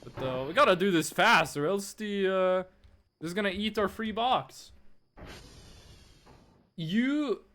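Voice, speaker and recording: A man's voice: high-pitched, lively intonation, takes it slowly, pauses often, fairly bright tone. A young man streaming a game, chatting playfully with his chat and teasing them while he plays.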